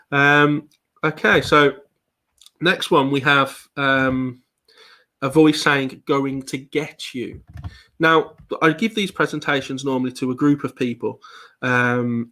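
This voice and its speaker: Guy doing a paranormal talk online, lots of ums, keeps restarting words, normal pitch. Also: a bit bright. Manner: hesitant, frequent ums and repeated words. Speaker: paranormal investigator giving a presentation. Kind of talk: online slide presentation.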